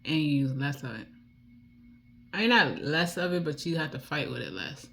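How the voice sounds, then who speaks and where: Woman, D.C. accent, deep speaking voice, rambling beauty-vlog chatter with quiet muttered asides. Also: sing-song, normal speed, creaky, slight background noise. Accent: Washington, D.C. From Washington, D.C. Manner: rambling, chatty, drifts off topic; soft muttered asides while applying lipstick. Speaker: beauty vlogger. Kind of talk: casual chat while doing makeup.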